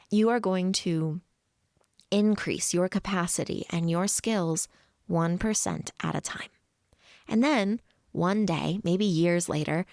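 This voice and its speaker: Low-voiced woman podcast host. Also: no echo, studio quality. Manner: voices her inner thoughts in quick quoted asides; laughs lightly between points. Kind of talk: explaining psychology to listeners.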